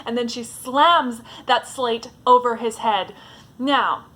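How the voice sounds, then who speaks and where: A woman's voice: on the high side, slow pace, sharp tone. A woman giving a casual, chatty vlog talk as a book vlogger, with a fond tone and lots of "like"s.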